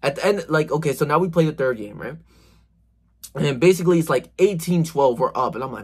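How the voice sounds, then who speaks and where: Man, husky, a bit high-pitched, casual vlog storytelling, slangy, swears a lot. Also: normal speed. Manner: animated, profane, slangy. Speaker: vlogger.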